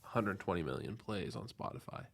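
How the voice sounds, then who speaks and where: A man in casual podcast chat, reading out figures in a relaxed, chatty way. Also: low voice, moderate pace, gravelly.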